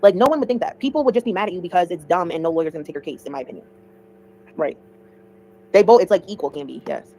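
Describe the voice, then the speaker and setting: A woman's voice: lowish voice, expressive, fast, long pauses, dark tone, rough recording. A woman hosting a casual livestream, giving chatty, opinionated commentary.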